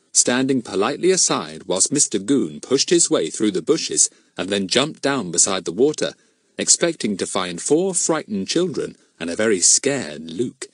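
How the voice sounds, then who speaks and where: A man's voice: lowish voice, big pitch swings, normal speed, husky, no room sound, studio quality. A man reading a children's mystery audiobook aloud, narrating expressively and giving each character a voice.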